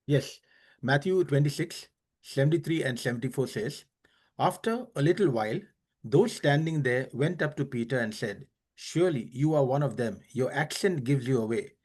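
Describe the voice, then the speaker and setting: A man in a Bible study group reading scripture aloud in a steady, plain voice. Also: medium pitch, normal speed, breathy edge.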